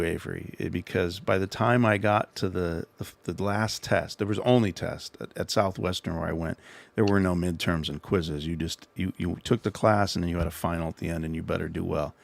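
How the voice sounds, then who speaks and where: A man's voice: low voice, creaky, no echo. A middle-aged man hosting a livestream, telling a rambling, self-deprecating story and giving casual advice. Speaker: livestream host.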